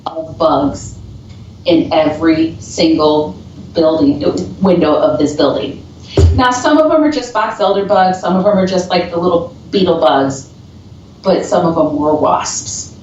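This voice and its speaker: A woman's voice: low voice, measured pace, darkish tone. A woman paranormal investigator chatting casually and telling stories with frequent laughs, heard over a remote call. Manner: chatty storyteller, laughs often. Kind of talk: casual chat. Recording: dull, distant, echoey call audio with faint noise.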